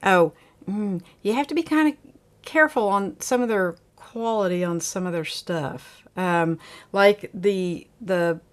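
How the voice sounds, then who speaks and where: A woman's voice: mid-range voice, a little slow. Woman host, casual livestream chat, laughs easily, reads out the chat. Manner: chatty, laughs often, reads viewer comments aloud.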